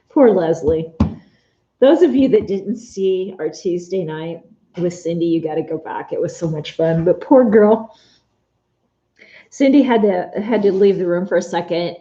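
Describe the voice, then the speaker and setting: Chatty woman with a mellow, muffled voice. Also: fairly low pitch. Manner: chatty, answers viewer comments by name. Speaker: Etsy shop owner live-streaming while sewing. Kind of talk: casual live-stream chat.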